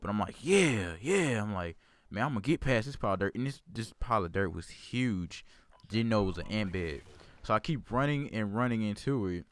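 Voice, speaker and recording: Rambling man with a lowish voice. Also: fairly bright tone, no echo. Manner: rambling, repeats words, self-corrects. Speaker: gaming channel host. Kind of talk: casual storytelling over gameplay commentary.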